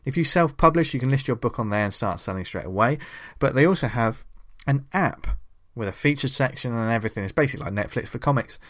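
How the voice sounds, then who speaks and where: A man's voice: medium pitch, animated, fast talker, hardly any pauses. A man hosting a comics podcast in casual chat, jokey and rambling, laughing often. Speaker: podcast host.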